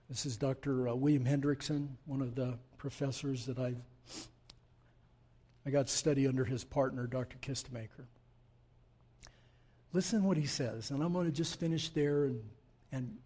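A man preaching a sermon as pastor, speaking in slow, emphatic phrases that build in volume. He addresses the congregation directly. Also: medium pitch, dark tone, breathy edge.

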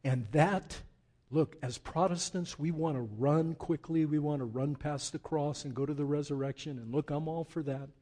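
A male pastor delivering an impassioned sermon, swinging from hushed reflection to loud, pleading emphasis with repeated words. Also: fairly high pitch, moderate pace.

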